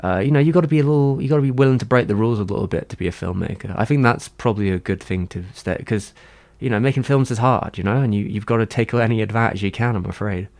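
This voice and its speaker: A man's voice: fairly low pitch, fast talker, hardly any pauses, darkish tone. A man chatting casually on a livestream, answering his chat in a rambling, hesitant way with many fillers and restarts.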